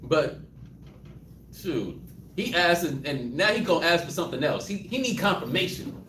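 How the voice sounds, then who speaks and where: A man's voice: on the high side, lively intonation, moderate pace, background noise. A man with a Southern US accent leading an interactive Bible study, acting out prayers and laughing often. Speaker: Bible teacher. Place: room with a live group. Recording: roomy, mic at a distance.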